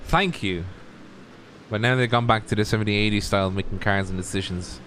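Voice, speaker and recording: A man's voice: on the low side, brisk, fairly bright tone, slight background noise. A man co-commentating a sim racing stream, opinionated and jokey. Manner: opinionated, jokey, laughs at crashes. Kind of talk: live race commentary chat.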